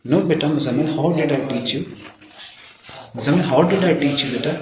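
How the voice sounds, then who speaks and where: A man's voice: a little high, fairly quick, long pauses, a crowd in the background. A man with a Pakistani accent teaching young children in a school library, patient and coaxing, repeating his instructions. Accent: Pakistani English. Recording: echoey room, noisy background.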